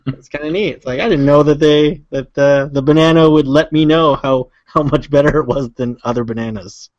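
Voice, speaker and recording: A man's voice: fairly high pitch, steady tone, fairly quick, a little mellow, no room sound. Guy rambling and chuckling on a podcast, mid voice, dead dry lo-fi sound. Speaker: podcast co-host. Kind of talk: casual podcast banter.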